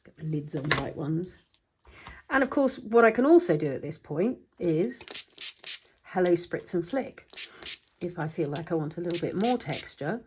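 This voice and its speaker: A woman's voice: lowish voice, lively intonation, normal speed, a little mellow, a little hiss or hum. Chatty woman thinking aloud while crafting. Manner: chatty, thinks aloud, talks to her supplies. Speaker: craft tutorial host. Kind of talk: casual demonstration while crafting.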